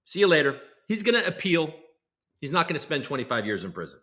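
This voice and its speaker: A young man hosting a casual livestream, rambling and sarcastic, jumping from loud bursts to low muttered asides. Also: big pitch swings, fast. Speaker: host.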